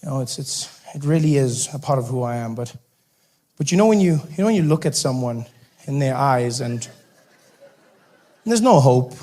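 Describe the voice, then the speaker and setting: A man with a South African accent doing stand-up comedy, telling a story with animated bursts and mock outrage. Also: medium pitch, moderate pace, long pauses.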